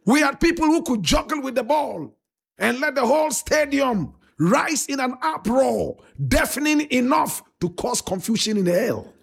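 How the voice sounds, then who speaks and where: A Ghanaian man giving a fervent, preacher-style talk to fans, dramatic and bursting into shouts. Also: very high voice, expressive, moderate pace, creaky, slightly rough.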